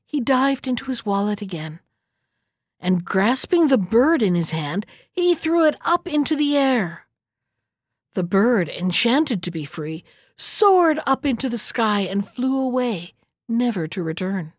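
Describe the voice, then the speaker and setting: A woman narrating a fairy tale in a lively, expressive storybook manner. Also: on the high side, a little slow, dry recording, clean studio sound.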